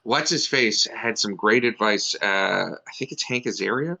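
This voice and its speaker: A man's voice: lowish voice, normal speed, creaky, pushed and bright. A man chatting casually on a livestream about running tabletop games, rambling with lots of filler words. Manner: rambling, lots of "like" and "you know". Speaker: guest, game master.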